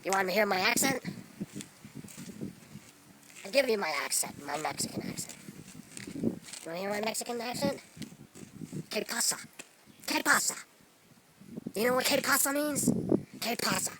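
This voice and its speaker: A man's voice: sits high, lively intonation, fairly quick, long pauses, far from the mic, background noise. A man playing a boastful self-made Mexican strongman. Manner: rambling, boastful, lecturing. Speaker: vlogger in character. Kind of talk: improvised comedy monologue. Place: outdoors among trees.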